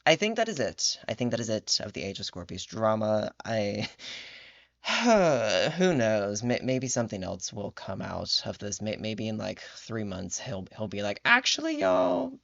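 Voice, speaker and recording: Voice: mid-range voice, sing-song, measured pace, creaky. Tired vlogger rambling and cussing, voice swooping up and down, muffled lo-fi sound. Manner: rambling, exasperated, swears often, frequent restarts. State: tired late at night. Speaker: commentary vlogger. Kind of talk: casual reaction commentary.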